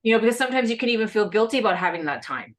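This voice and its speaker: A woman's voice: on the high side, lively intonation, rapid-fire. A woman hosting a casual conversation over a video call, speaking in a chatty, reassuring way with many fillers. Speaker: host.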